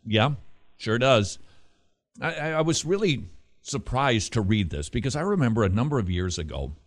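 Guy hosting a christian talk radio show, chatty and quick, bouncy lively pitch, gets real emphatic. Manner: lively, emphatic, rising to forceful exhortation; quick, chatty asides with restarts and laughs.

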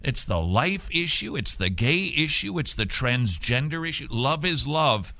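A man's voice: mid-range voice, big pitch swings, a little slow, pushed and bright, no echo. A man hosting an opinion show, giving mocking, sarcastic commentary. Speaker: show host.

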